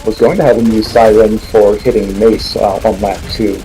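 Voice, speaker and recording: A man's voice: fairly low pitch, fairly even intonation, moderate pace, mellow, slight background noise, low-quality recording. A young man on a voice call during a game, chatting casually and swearing at his own mistakes. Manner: frustrated, swearing over mistakes. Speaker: co-player on a voice call. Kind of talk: casual gaming chat.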